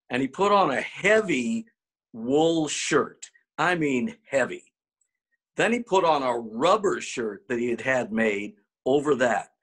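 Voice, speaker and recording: A man, a former ballplayer, telling an animated clubhouse story, acting out the quotes and stumbling over repeated words when excited. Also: mid-range voice, breathy edge. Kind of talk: anecdotal storytelling.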